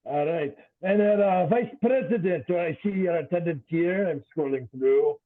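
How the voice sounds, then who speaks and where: A man's voice: on the high side, moderate pace. A man acting as secretary and taking attendance, talking in a hesitant, joking way with lots of fillers over call audio. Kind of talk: casual meeting roll call with pirate jokes. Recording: tinny phone-like call audio.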